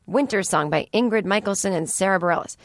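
A woman rattles along fast in an expressive, mid-range voice on her casual solo podcast. Using a studio microphone, she rambles and slips in sarcastic side comments.

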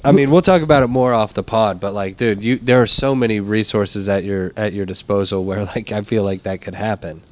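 A man's voice: on the low side, brisk, few pauses, darkish tone, no echo. A man co-hosting a podcast in laid-back, profane banter, hyping up his co-host.

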